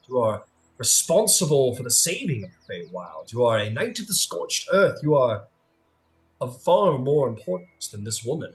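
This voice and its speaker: A man doing a quiet, probing old sphinx. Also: medium pitch, lightly acted, poor audio. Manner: quiet, measured, persuasive questioning. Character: ancient male sphinx judging mortals, calm and probing.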